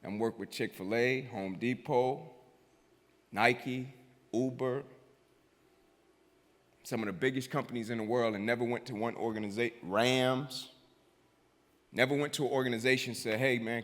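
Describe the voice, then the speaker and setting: A man's voice: mid-range voice, steady tone, a little slow, pauses often, a bit bright. A male motivational speaker giving a keynote speech in a preacherly way, repeating lines for emphasis and checking in with the crowd. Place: large hall. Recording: hall reverb.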